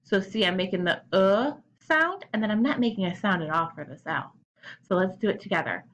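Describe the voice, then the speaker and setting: A woman teaching young children sight words, sounding out letters clearly and cheering them on. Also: mid-range voice, animated, brisk, fairly bright tone, rough recording. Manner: encouraging, cheerful. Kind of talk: early reading lesson for young children.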